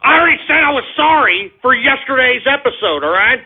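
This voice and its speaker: A man hosting an internet radio talk show, ranting and cursing at trolls and breaking into shouts. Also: very high voice, animated, brisk, breathy edge. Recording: tinny phone-like lo-fi audio.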